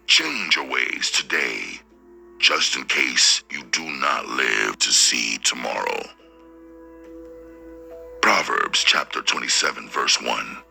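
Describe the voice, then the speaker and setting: A man narrating a short horror story slowly and deliberately, with a preacherly tone, as a storybook reader. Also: extremely low pitch, vocal fry, pushed and bright. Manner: slow, deliberate, preacherly delivery.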